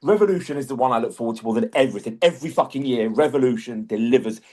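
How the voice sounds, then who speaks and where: A man's voice: medium pitch, very fast, darkish tone. A man co-hosting a podcast in casual chat, swearing often and making emphatic jokes. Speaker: podcast co-host.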